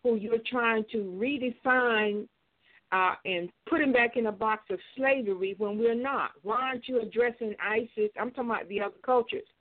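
An older woman calling in to a talk show, speaking haltingly with many hesitations and restarts. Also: a little high. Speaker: caller. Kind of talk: call-in radio commentary. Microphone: phone. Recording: tinny phone line.

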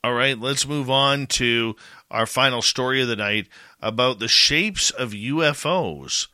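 Male podcast host, very bright and sharp tone, relaxed with lots of "you know", dry sound. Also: mid-range voice, measured pace, no echo. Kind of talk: casual chat.

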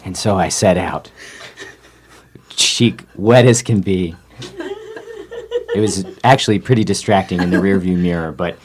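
A woman's voice: very deep voice, a little mellow, slightly rough. A woman comedian telling a rambling, self-mocking improvised comic story.

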